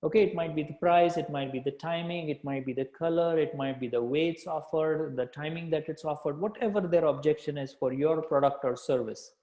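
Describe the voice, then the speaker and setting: A man leads a live sales workshop in a voice pitched a little high, with a soft, dark tone. He repeats key phrases and keeps checking in with his listeners. The room gives his voice a clear echo. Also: fairly quick, few pauses, highs cut off. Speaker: sales coach. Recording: echoey room sound.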